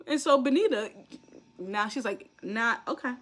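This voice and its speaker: Animated young woman recapping reality TV. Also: high-pitched, normal speed. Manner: animated storytelling, acting out quotes, frequent laughter. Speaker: commentary vlogger.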